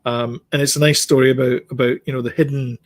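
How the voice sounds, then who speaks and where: A man's voice: mid-range voice, flat delivery, fast talker. A man co-hosting a podcast, giving blunt opinions in casual chat with many ums and restarts. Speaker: podcast co-host.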